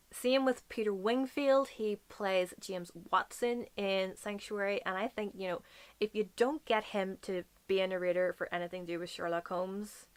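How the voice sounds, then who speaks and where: With a medium-pitched voice and a light Northern Irish accent, a woman from Northern Ireland gushes playfully about books in a casual vlog to camera, adding whispered asides now and then.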